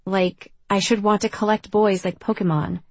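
Husky woman narrating, wry and confessional. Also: mid-range voice, flat delivery, moderate pace, no echo. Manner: wry, confessional, self-deprecating. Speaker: audiobook narrator. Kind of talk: first-person audiobook narration.

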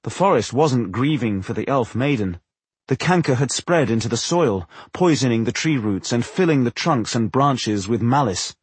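A man narrating a fantasy novel as an audiobook, telling it in an expressive way. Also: medium pitch, moderate pace, breathy edge, dry recording. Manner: expressive storytelling.

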